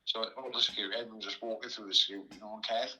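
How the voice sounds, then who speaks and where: A man's voice: lowish voice, fairly even intonation, racing, pushed and bright, breathy edge, rough recording. A man with a Welsh accent, a podcast guest telling a rambling anecdote, laughing often and restarting his sentences. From Wales. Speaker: podcast guest, former boxer. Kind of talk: casual storytelling.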